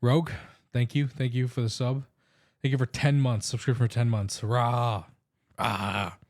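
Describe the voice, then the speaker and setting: A man's voice: medium pitch, flat delivery, a little slow, a little mellow, no echo, studio quality. A man with an Indian accent streaming a game, explaining plans in a rambling, casual way. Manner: rambling, restarts sentences while explaining plans. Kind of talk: casual live-stream chat.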